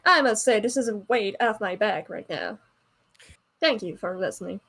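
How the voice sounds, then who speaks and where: A woman's voice: mid-range voice, lively intonation, moderate pace, fairly bright tone. Southern woman player, hesitant, lots of "you know" and "um". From American South. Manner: hesitant, filler-heavy. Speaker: tabletop player. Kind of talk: in-character role-play banter.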